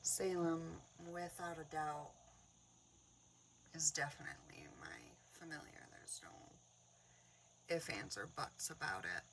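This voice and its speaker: A woman in a casual crafting chat who tells stories, laughs often and drops into soft whispered asides. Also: sits low, very animated, a little slow, long pauses, distant mic, a little hiss or hum, rough recording. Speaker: craft vlogger.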